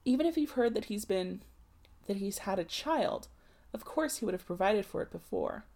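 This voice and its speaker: A woman's voice: mid-range voice, expressive, moderate pace, mellow. A woman reading a novel aloud, voicing a proper young married woman who coaxes and frets over her cousin. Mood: shocked. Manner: fussy, coaxing, shocked.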